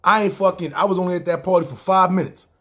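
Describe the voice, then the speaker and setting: Husky-voiced New York man telling stories. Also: high voice, fairly even intonation, fast, sharp tone. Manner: rambling, swears freely, acts out quotes. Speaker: podcast storyteller. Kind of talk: casual profane storytelling.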